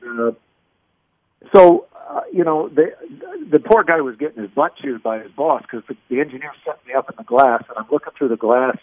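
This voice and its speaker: A man's voice: medium pitch, animated, a little fast, no echo. Rambling man on a tinny phone line. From Kansas City, US. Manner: rambling, many restarts and filler phrases. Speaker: voice actor guest. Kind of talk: casual storytelling on a phone call.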